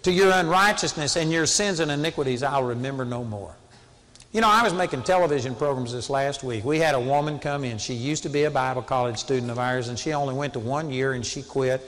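A man's voice: mid-range voice, fast talker, a bit bright, in a large hall. A man preaching a sermon in an earnest, conversational way that rises to sudden emphatic peaks.

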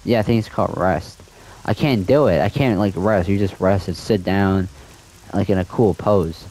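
A man's voice: low-pitched, moderate pace, warm tone, rough recording. A young man in a casual gaming vlog, ranting with frustration and repeating himself. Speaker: gaming video creator.

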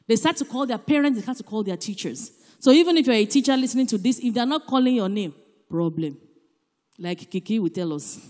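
A woman with a Nigerian accent giving an animated, emphatic church talk, swinging between loud and soft. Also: high voice. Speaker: church speaker. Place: church hall. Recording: echoey church hall.

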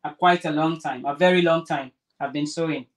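A woman's voice: low-pitched, steady tone, fairly quick. A woman vlogger chatting casually while sewing, rambling and restarting her sentences. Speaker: crafter vlogger.

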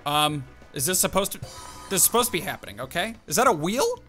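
A young man commenting on his own gameplay, animated and quick to exclaim and laugh. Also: high voice, soft background music. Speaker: gaming YouTuber.

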